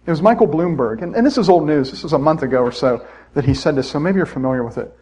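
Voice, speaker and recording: Husky-voiced male preacher. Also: a little high, lively intonation, fast, darkish tone, low-quality recording. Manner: conversational, self-deprecating preaching with asides to the congregation. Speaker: pastor. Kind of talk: sermon. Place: church.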